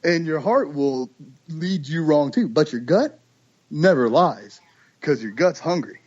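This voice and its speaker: Guest, male, raised husky voice, excitable storyteller, muffled lo-fi podcast sound. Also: a little high, a little slow. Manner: animated storyteller, imitates duck calls and voices. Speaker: duck call maker, guest. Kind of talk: casual podcast chat.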